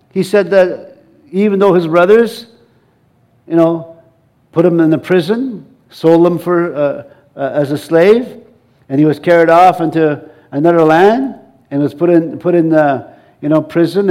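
Coaxing preacher man, fairly high voice. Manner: lively, coaxing the congregation into call-and-response. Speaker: pastor. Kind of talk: sermon. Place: church.

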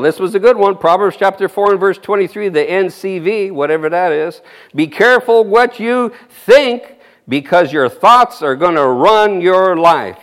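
A man preaching an informal sermon, rambling and folksy, with frequent amens and chuckles. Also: sits high.

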